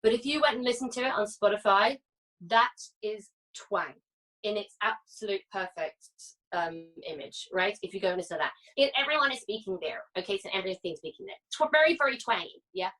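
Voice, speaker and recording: A woman's voice: medium pitch, a little fast, a bit bright, distant mic, low-quality recording. A British woman coaching singers through a masterclass, chatty and often checking in with "yeah?" and "okay?". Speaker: vocal coach. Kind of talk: singing masterclass teaching.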